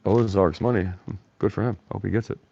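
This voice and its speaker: Dull audio carries a fairly low, dark, steady voice with vocal fry and a brisk pace. The man hosts a live stream, reading chat comments and answering them combatively and bluntly while mocking commenters by name.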